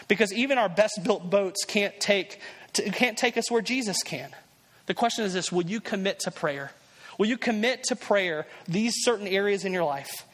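A man's voice: sits high, a bit bright, in a large hall. A man preaching a sermon as pastor, earnest and emphatic, often restarting and repeating words.

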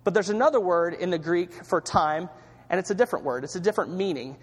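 High-voiced pastor preaching in a reverberant hall. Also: male voice, fast. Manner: conversational preaching with frequent restarts and repeated words. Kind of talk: sermon.

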